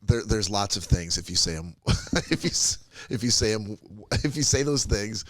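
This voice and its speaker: A man's voice: lowish voice, animated, moderate pace, a bit bright, no echo. A man hosting a casual podcast chat, wry and teasing, who swears freely. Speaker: podcast host.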